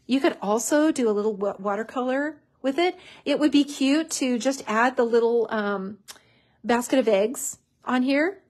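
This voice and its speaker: Woman doing a craft tutorial, kinda high husky voice, chatty and excited about everything. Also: moderate pace. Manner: chatty, enthusiastic, lots of "so cute". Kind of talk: casual crafting demonstration.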